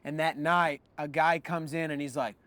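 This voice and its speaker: With a slightly high voice at normal speed, a storyteller host relays tall tales in a casual style. He brings his characters to life by acting out their voices, filling his speech with lots of fillers like "like."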